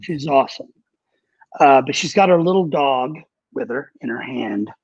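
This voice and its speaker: Man, engineer and producer, raspy gravelly voice, candid casual storytelling, dry muffled audio. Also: mid-range voice, moderate pace, no echo. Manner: candid, profane, animated anecdotes. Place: Nashville.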